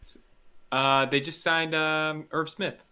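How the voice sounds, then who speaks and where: A man's voice: a little high, little pitch movement, slow, pushed and bright, clear, resonant tone. A man co-hosting a casual fantasy football podcast, thinking aloud and hedging as he talks. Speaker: podcast co-host. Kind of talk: casual sports chat.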